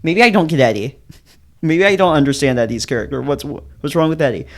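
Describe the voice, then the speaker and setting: A man's voice: on the high side, lively intonation, fairly quick. Musing man chatting about a story. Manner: musing, laughs often, repeats "right?". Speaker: channel host reading a visual novel. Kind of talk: casual commentary on a visual novel.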